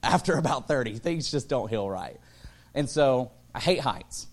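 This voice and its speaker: A pastor in his thirties delivers a sermon packed with funny personal stories, speaking at medium pitch and normal speed. He acts out voices and builds up to excited shouts.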